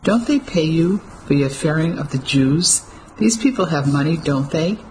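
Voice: mid-range voice, animated, moderate pace, darkish tone, a little hiss or hum, natural voice, rough recording. A narrator voicing a cold, sneering German officer who speaks in a clipped, mocking way.

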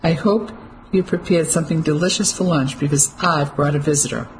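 A reader doing a quick-witted Englishman under threat. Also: mid-range voice, a little hiss or hum, natural voice, low-quality recording. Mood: hearty.

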